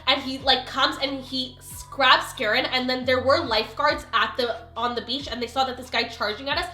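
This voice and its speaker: Bright, high-voiced young woman vlogger. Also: moderate pace, soft background music. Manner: animated, exclamatory, filler-heavy retelling. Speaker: vlogger telling a story. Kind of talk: storytime vlog. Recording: roomy echo.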